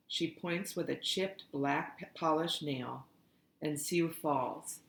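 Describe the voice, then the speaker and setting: Low-voiced woman narrating slowly. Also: gravelly. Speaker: audiobook narrator. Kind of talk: first-person storybook narration. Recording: roomy echoey recording.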